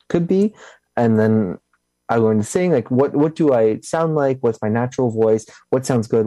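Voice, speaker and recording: A young man, a musician answering interview questions in a halting way, with restarts and a slight lisp. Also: fairly low pitch, vocal fry, mellow, dry recording. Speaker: musician guest.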